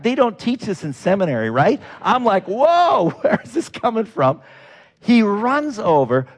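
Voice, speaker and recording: Lively, animated male preacher. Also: fairly high pitch. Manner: animated, acts out quoted people, breaks into laughs. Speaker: pastor. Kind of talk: sermon storytelling.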